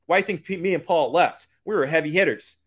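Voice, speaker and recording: A man giving a hyped motivational business pitch, using street slang and repeating lines for emphasis. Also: brisk, fairly bright tone. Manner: hyped, keeps calling out to "guys". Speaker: business coach.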